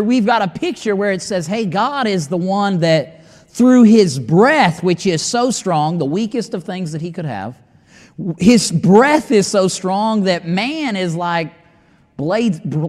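A man delivers a sermon in a voice pitched high for a man. He moves between reading scripture and dramatic asides where he acts out his listeners' doubts. The sound carries a long reverb tail like a large hall. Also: darkish tone. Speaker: preacher.

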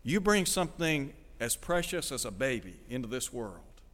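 A man's voice: medium pitch, sing-song, normal speed, a bit bright, long reverb tail. A man preaching a radio sermon, reading scripture aloud and asking his listeners direct questions in an earnest manner.

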